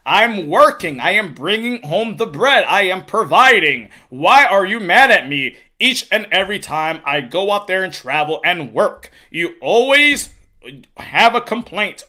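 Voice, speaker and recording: A man voicing a stiff male boxing interviewer who speaks in an awkward, halting way and keeps repeating himself. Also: high-pitched, bright, forceful tone, voice pushed up, exaggerated voice. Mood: defensive.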